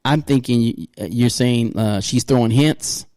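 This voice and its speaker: A man hosting a podcast, chatting casually in a relaxed, slangy way and laughing often. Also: mid-range voice, unhurried, no echo, studio quality. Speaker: podcast host.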